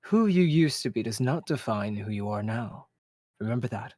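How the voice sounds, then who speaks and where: A man voicing a calm, kindly male mentor with glasses, who speaks in a measured, encouraging way and chuckles often. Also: medium pitch, dry recording, studio quality, natural voice.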